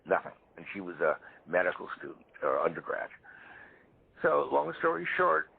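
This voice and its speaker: A man in his seventies, a parapsychologist guest, telling stories in a lively way in a live interview. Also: low voice, moderate pace, gravelly, husky. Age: 70s. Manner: animated storyteller. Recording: tinny phone-line audio.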